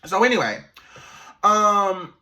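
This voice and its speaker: A man, an animator, telling a story in a casual, animated vlog, laughing and swearing as he goes. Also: high-pitched, takes it slowly.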